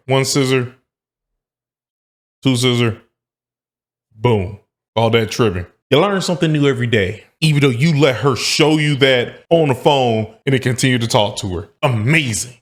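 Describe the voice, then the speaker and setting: A man hosting a casual reaction commentary, cracking jokes and sounding incredulous as he reacts. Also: medium pitch. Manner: joking, incredulous asides. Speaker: commentary host.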